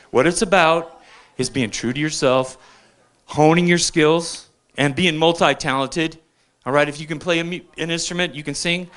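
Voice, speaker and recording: Older man, bright forceful comic. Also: on the high side. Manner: chatty, keeps checking in with the crowd. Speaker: open mic comedian. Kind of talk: rambling stand-up storytelling. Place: bar stage at an open mic.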